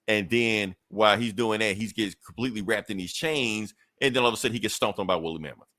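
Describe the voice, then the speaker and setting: A deep-voiced man hosts a podcast and recaps a comic book in loose, casual talk. He swears freely, corrects himself as he goes, and keeps the story rambling along. The recording is dry and close, with no room around it. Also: fast talker, pushed and bright, no room sound. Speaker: podcast host.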